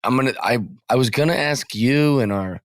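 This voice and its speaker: Male co-host, mid pitch, dry studio sound, curious, self-deprecating. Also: normal speed, no room sound. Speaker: podcast co-host. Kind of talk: casual wrestling podcast chat.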